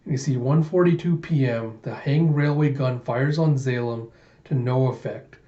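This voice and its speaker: A man's voice: mid-range voice, moderate pace, roomy sound, highs cut off. A man casually recapping a manga chapter by chapter in a chatty, enthusiastic storytelling manner. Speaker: manga read-through host.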